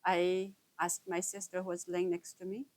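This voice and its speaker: A woman slowly recounting a personal experience in an earnest, intimate way, breaking her sentences into short halting phrases. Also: on the low side, little pitch movement, a little mellow, poor audio. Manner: halting, broken into short pauses. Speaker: storyteller sharing a personal experience. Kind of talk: slow reflective personal storytelling.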